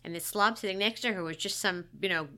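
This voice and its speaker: A woman's voice: mid-range voice, quick pace, sharp tone. A middle-aged woman, a guest, recounting a personal story in a candid, wry, self-deprecating way.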